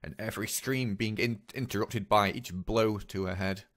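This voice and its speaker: A man telling a personal story in a confessional vlog, speaking haltingly and earnestly with many repeats. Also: on the low side, fairly even intonation, fairly bright tone. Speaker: vlogger.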